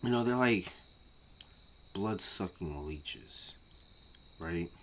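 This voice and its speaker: A man ranting casually to camera as a vlogger, profane and repetitive, swinging from muttering to yelling. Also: deep voice, lively intonation, extremely slow, slight background noise.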